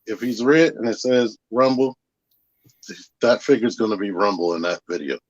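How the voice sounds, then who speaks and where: Laid-back guy w a low voice, dry humor, kinda muffled lo-fi sound. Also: moderate pace, no echo. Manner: relaxed, nonchalant, dry sarcasm. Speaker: guest creator. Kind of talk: casual chat. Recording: dull lo-fi audio.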